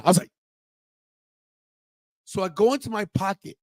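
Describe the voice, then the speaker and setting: Middle-aged guy with a high voice, emotional storytelling, dry close mic. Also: moderate pace, no room sound. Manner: emotional, animated retelling with quoted voices. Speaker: podcast host. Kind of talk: storytelling monologue.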